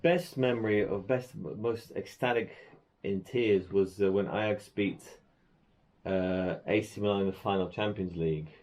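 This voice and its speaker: A man, co-hosting a casual podcast in a relaxed, rambling way. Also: on the low side, a little slow. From Netherlands. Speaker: podcast co-host. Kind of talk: casual chat.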